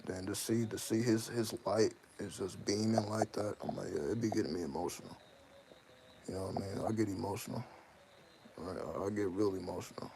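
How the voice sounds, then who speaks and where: Low gravelly dude rambling casual and slangy, lots of hiss behind him. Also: male voice, brisk. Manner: loose, slangy, repeats himself, many "you know what I mean"s. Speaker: channel host. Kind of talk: casual spoken monologue.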